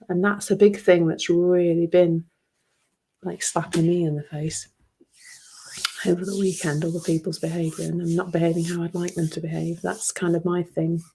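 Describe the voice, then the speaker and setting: A woman hosting a reflective solo podcast in a soft, emotional way, often laughing and dropping into whispers. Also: on the low side, a little hiss or hum. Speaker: podcast host.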